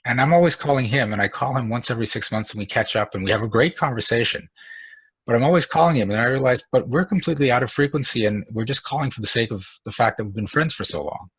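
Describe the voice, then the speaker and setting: A man chatting casually, giving calm, reassuring advice with a few restarts. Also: mid-range voice, fast talker, slightly rough, no echo. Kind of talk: casual chat.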